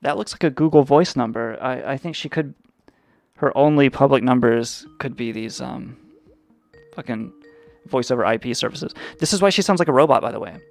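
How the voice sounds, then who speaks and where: A man's voice: medium pitch, moderate pace, gravelly, dry recording, soft background music. A man hosting a livestream, rambling in a crude, sarcastic way. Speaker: podcast host. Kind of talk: casual profane livestream chat.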